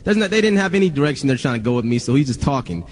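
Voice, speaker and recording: A man's voice: mid-range voice, expressive, racing, big-room sound, a little hiss or hum. A young man, a rapper, telling stories casually to friends, swearing often and rambling with many restarts.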